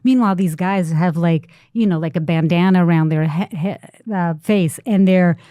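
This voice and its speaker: A middle-aged woman journalist telling an animated story on a talk show, full of restarts and fillers. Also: on the low side, moderate pace, dry recording. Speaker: investigative journalist guest.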